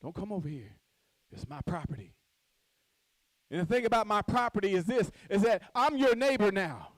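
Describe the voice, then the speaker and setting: A woman's voice: mid-range voice, lively intonation, normal speed, dry recording, poor audio. A woman giving a motivational speech from a podium at a conference, acting out little scenes and quizzing the audience. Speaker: conference speaker. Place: stage at a podium.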